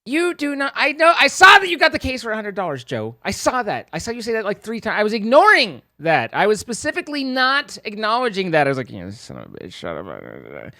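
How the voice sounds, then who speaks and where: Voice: mid-range voice, quick pace, few pauses, no room sound, clean studio sound. A live streamer chatting casually with viewers, rambling and teasing them playfully. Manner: rambling, animated.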